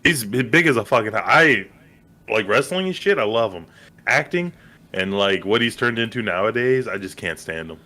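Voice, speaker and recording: A man's voice: on the low side, lively intonation, moderate pace, bright, forceful tone. A young man co-hosting a movie podcast, blunt and profane, airing strong opinions in casual chat. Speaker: podcast co-host.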